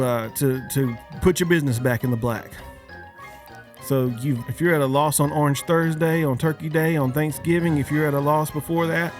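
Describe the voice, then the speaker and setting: A man hosting a podcast, a father of young kids, delivering a joking, casual holiday rant and firing many questions at his listeners. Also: on the high side. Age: adult, father of young kids. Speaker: podcast host.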